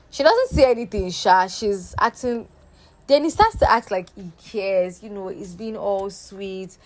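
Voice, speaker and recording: A woman's voice: medium pitch, expressive, unhurried, a little mellow. A young woman with a sassy, chatty manner, recapping a reality show for her viewers. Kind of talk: casual recap commentary.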